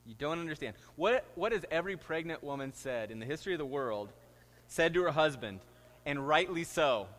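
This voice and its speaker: A man's voice: on the high side, expressive, brisk, a bit bright, long reverb tail. A middle-aged man, a pastor, preaching a sermon and telling stories with rising, emphatic delivery. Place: church sanctuary.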